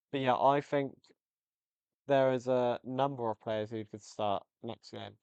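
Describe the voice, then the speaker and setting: A male podcast host with a clear, resonant, medium-pitched voice and no room sound rambles and jokes his way through a casual football show, easily drifting off on tangents. The lo-fi audio is slightly dull.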